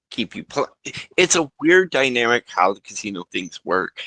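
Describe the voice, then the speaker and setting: A man's voice: medium pitch, sing-song, moderate pace, bright, forceful tone, no echo, rough recording. A man playing his character in a tabletop game, reassuring and tacking "okay?" onto his lines. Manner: reassuring, keeps asking "okay?". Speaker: player.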